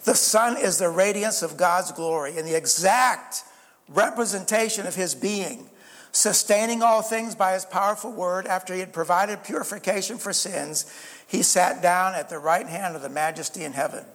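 A man's voice: sits high, moderate pace, fairly bright tone, long reverb tail. A man preaching a sermon as a pastor, earnest, asking rhetorical questions and calling for amens.

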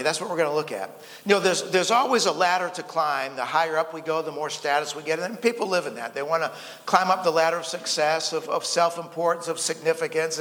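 High-voiced pastor in a reverberant hall. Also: male voice, a bit bright. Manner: folksy, repeats words, tells light jokes. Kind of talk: sermon. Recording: long reverb of a church hall.

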